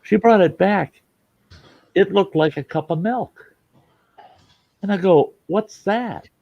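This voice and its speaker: A man's voice: high voice, takes it slowly, creaky, no echo, dull audio. A man hosting a casual live stream, telling folksy road stories and acting out the people in them. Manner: folksy, animated quoting of people. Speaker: host.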